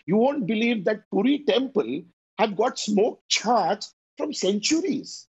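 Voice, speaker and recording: A man's voice: sits high, a little mellow, breathy edge. A man with an Indian accent, a chef, telling stories about his dishes in a conversational interview and slipping Hindi into his English. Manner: storytelling, mixes Hindi into English, repeats words. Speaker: chef and restaurateur. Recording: dull lo-fi sound.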